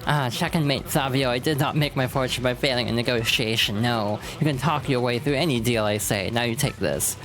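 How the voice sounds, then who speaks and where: A woman voicing a boastful ancient male skeleton pirate captain, with drawn-out theatrical threats over game music. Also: a bass voice. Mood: scornful.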